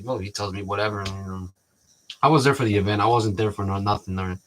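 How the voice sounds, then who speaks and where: This vlogger's voice is fairly low and fairly bright, and he speaks fast. He rambles casually to viewers, frequently restarting his sentences and acting out quoted conversations.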